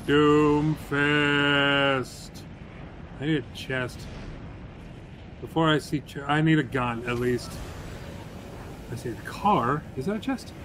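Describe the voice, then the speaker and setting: A man giving casual, joking commentary while playing a video game, with excitable outbursts. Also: medium pitch, a little slow, pauses often, noisy background. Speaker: gaming streamer.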